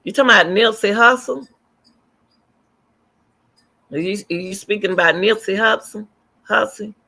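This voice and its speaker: A middle-aged woman hosts a casual livestream and talks straight to her viewers. Her voice is gravelly and bright, with a forceful edge. She rambles and answers comments as they come in. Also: mid-range voice, normal speed. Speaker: livestream host.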